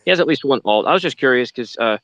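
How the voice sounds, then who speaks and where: A man's voice: medium pitch, lively intonation, fast, a bit bright, dry recording, lo-fi sound. A man from North Carolina, walking through a park at night and chatting eagerly on a group call from his phone. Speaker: panel participant. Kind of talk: casual group video chat.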